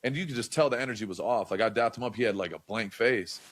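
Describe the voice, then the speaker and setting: On a podcast, a young guest spins casual stories in a lively way, heavy on slang and filler words. He's a fast talker with a voice on the low side.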